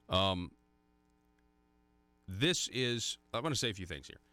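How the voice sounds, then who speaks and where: A very low-voiced man hosts a talk radio show, firing off rhetorical questions with a sarcastic edge. The sound is dry and close. Off script he stumbles and restarts. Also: lively intonation, normal speed, pushed and bright, no room sound. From Arkansas. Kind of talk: conservative talk radio commentary.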